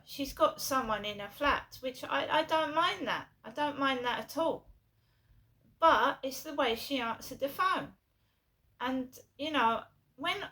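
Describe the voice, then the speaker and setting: A middle-aged English woman, a vlogger, rambles through a long personal story, repeating herself with lots of fillers and restarts. Her voice is high-pitched, pushed and bright.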